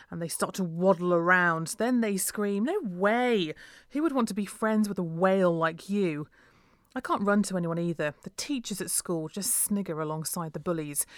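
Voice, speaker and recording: A woman's voice: fairly low pitch, no room sound, clean studio sound. A woman reading a first-person story aloud in an earnest, emotional way.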